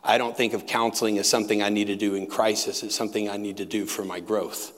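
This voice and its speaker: A man's voice: on the low side, level tone, quick pace. Man, pastor, sermon, storytelling, asides, reverberant retreat hall. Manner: conversational, storytelling, emphatic asides. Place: retreat center meeting hall.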